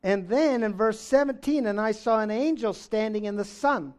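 A man preaching a sermon, reading scripture aloud and swinging between loud exclamations and low, intense stretches. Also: moderate pace.

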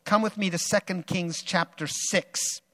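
A male preacher reads a Bible story aloud and retells it dramatically, swinging between loud bursts and quiet asides. His voice is high and bright with a sharp edge. A long hall reverb hangs around every phrase. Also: fairly even intonation, unhurried. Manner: dramatic, varies loudness and pace freely. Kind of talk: sermon with dramatic Bible reading.

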